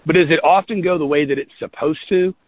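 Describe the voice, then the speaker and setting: A man's voice: a little high, quick pace, slight background noise. Earnest folksy man on a tinny line. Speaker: business leader. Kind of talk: motivational team talk.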